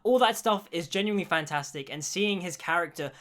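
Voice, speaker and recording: A man's voice: high voice, fairly quick, fairly bright tone. A young man giving an enthusiastic spoken review of a TV series, gushing with praise. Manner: gushing, repeats "genuinely". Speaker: show reviewer.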